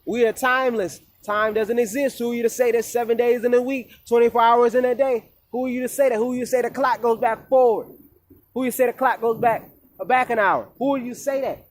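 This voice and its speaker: A man's voice: very high-pitched, fairly even intonation, brisk. A man, a wellness coach, talking to his viewers in an emphatic, preachy way with lots of casual slang. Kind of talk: informal monologue to viewers.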